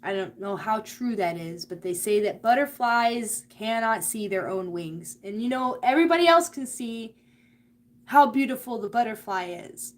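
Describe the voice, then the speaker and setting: A woman's voice: on the high side, normal speed. A woman giving a live tarot and oracle card reading, speaking earnestly and directly to the viewer about spirit and energy.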